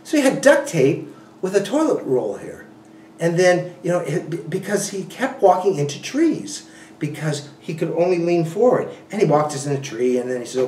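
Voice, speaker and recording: Male interviewee, animated storyteller, restarts a lot, recorded off-mic in an echoey room. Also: mid-range voice, a little hiss or hum. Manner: animated, laughing often, many restarts and you-knows. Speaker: ultrarunner guest. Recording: roomy, a bit distant from the mic.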